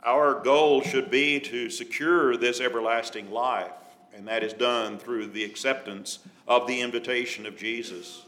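A man preaching a Bible study sermon, speaking in a measured way and reading scripture aloud in old-fashioned wording. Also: mid-range voice, fairly even intonation, a bit bright. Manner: measured, reads scripture in King James wording.

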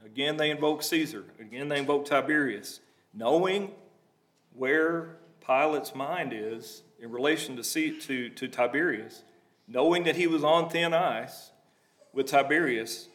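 A man's voice: mid-range voice, a little slow, fairly bright tone. A man preaching a sermon, reading scripture aloud and breaking into plain conversational asides to explain it.

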